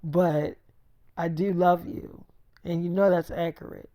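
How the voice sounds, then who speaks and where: A bold young girlfriend who talks straight and won't back down, as a storyteller quotes her. Her tone is dark and mellow, heard dry and close without any room sound. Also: lowish voice, steady tone, measured pace, no room sound, close to an everyday voice. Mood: insistent.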